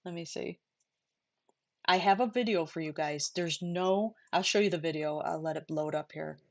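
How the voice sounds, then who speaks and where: Chatty New woman, lowish voice. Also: moderate pace. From New York. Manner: chatty and digressive, talks straight to the chat. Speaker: livestream host. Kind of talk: casual true-crime chat with live viewers.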